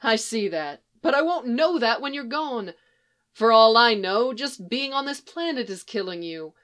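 A woman's voice: a little high, animated, a little slow, fairly bright tone. A woman voicing a brash, frank middle-aged farm mother who is blunt and folksy. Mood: earnest.

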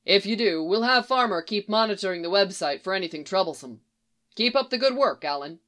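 Woman doing a brisk boss guy, encouraging, in a story reading. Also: mid-range voice, animated, fairly bright tone, natural voice.

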